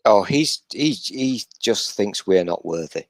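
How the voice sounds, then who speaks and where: A British man with a very low voice chats casually on a live stream. His banter is self-deprecating and joking, and the recording sounds close and dry. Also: lively intonation, slow, no echo. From Britain. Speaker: podcast host.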